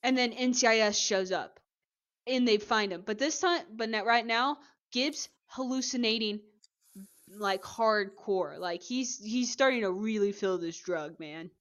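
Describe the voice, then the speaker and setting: A woman co-hosting a podcast, chatting casually as she retells a TV episode with lively acted-out quotes. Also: fairly high pitch, unhurried. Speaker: podcast co-host. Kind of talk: casual chat recapping a TV episode.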